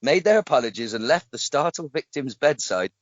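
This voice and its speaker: A man hosting a casual podcast, reading odd news stories aloud with a joking edge. His voice swings widely in pitch and often cracks into laughter mid-sentence. The sound is dry and dull, like a lo-fi home recording. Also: sing-song, a little fast, dry recording. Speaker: podcast host.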